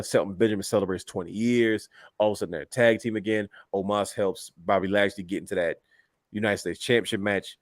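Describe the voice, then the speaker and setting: A man co-hosting a casual wrestling talk show, telling stories with animated energy, acting out quotes and laughing often. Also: fairly low pitch, dry recording, clean studio sound. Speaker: podcast co-host.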